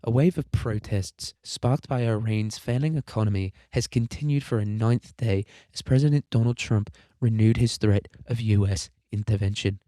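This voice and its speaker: A man doing a female British news reporter in a shaky, attempted accent. The read sits fairly low for a woman and sounds dark and mellow, close and dry. It is an amateur, unconvincing impression delivered in a measured newsreader cadence. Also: no room sound, close to an everyday voice. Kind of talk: mock news reading.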